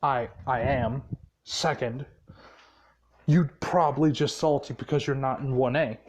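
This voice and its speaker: A man voicing a cocky young male hero who brushes off a rival with flat, mocking swearing. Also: mid-range voice, a little slow, close to an everyday voice.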